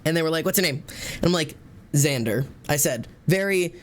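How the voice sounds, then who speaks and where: A young man livestreaming in a casual chat, telling a story in a rambling, animated way, full of "like" fillers and laughing at himself. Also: on the high side, fairly quick, slight background noise.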